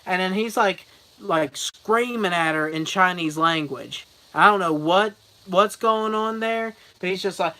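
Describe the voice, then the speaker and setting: Speaking straight to his viewers, a young vlogger rambles loosely from one anecdote to the next, laughing at his own jokes. His high, bright, forward voice moves a little slowly, and he keeps slipping into loud mocking impressions before returning to plain chat. The recording is rough.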